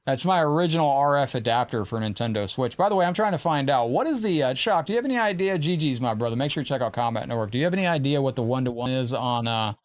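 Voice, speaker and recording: A man hosting a live gaming stream, chatting casually and excitably, praising his opponent and thanking viewers. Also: mid-range voice, fast talker, hardly any pauses. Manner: chatty and informal, often profane.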